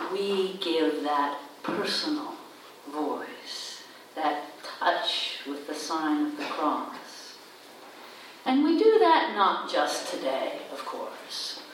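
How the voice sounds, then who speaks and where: A woman pastor preaches a baptism sermon very slowly, dwelling on each phrase and lifting her voice for emphasis. She is picked up from a distance in a church. The sanctuary adds a strong echo and a faint room hum. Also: sits low. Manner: slow, deliberate preaching with repeated phrases and emphatic rises. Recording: echoey church from a distant mic.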